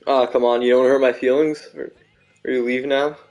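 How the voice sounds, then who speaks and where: A man chatting casually while streaming a game, rambling, self-mocking, full of halting restarts. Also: medium pitch, flat delivery, darkish tone, poor audio. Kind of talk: casual gaming chat.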